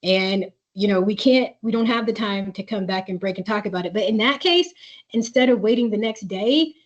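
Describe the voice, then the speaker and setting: A woman's voice: medium pitch, normal speed. A woman presenting a school webinar for parents, reading out their questions and giving coaching advice with many fillers. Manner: reads parent questions aloud, then coaches warmly with filler words. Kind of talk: live webinar Q&A. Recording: dull lo-fi webinar audio.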